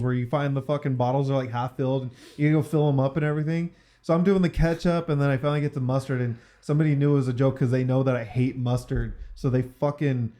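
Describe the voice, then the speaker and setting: A young man in casual podcast chat, telling stories with lots of swearing. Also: a little high. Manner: animated storyteller, swears often.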